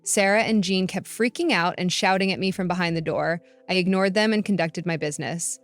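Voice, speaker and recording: A woman's voice: lowish voice, a little fast, no room sound. A woman reading a first-person story in a matter-of-fact narration. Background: faint background music.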